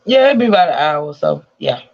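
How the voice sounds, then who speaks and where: A man's voice: a little high, very animated, a little fast, gravelly. A man co-hosting a casual livestream, chiming in with short reactions. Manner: laughing along, brief reactions. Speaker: co-host. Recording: dull lo-fi stream audio.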